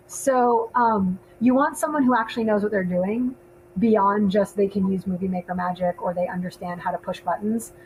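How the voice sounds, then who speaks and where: A woman's voice: mid-range voice, darkish tone, a little hiss or hum, poor audio. A woman in her thirties, a filmmaker co-hosting a podcast, chatting casually with lots of ums. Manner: chatty, laughs often, many ums. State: hiccups. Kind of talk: casual panel chat.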